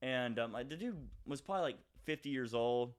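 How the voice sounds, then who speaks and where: A man's voice: mid-range voice, expressive, clear, resonant tone. A young man, a podcast co-host, telling a rambling story in casual chat with lots of fillers. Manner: rambling, fast, many fillers and acted quotes.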